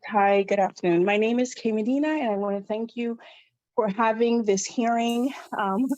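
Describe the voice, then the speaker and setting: A woman's voice: on the high side, dry recording, low-quality recording. Breathless, impassioned woman on a call. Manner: impassioned, frustrated, urgent. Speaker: public commenter, parent. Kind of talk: public comment at a hearing. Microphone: video call.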